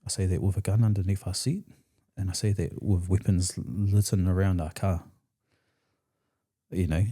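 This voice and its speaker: A man's voice: deep voice, fairly even intonation, normal speed, dark tone. A man from New Zealand with a New Zealand accent, a podcast guest telling his story in a blunt, profane, slangy way. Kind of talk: candid storytelling in conversation.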